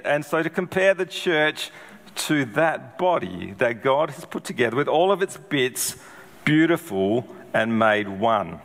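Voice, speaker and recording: A man's voice: fairly high pitch, fairly bright tone. A middle-aged man preaching a sermon in a conversational way, with rhetorical questions and frequent ums. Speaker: pastor. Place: church hall. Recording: long hall reverb.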